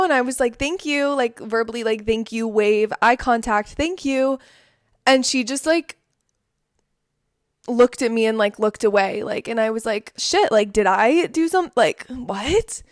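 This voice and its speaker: A woman's voice: on the high side, no echo, clean studio sound. A young woman from the Southern United States talking casually in a vlog, with lots of "like" and "um". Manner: chatty, peppered with "like" and "um". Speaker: vlogger.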